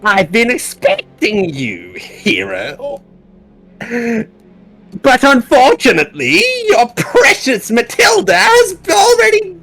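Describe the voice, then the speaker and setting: A posh, hammy cartoon villain. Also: male voice, wildly swooping pitch, slow pace, vocal fry, a bit bright, faint music behind, exaggerated voice. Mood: menacing. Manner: grandiose, hammy, sweeping high swoops.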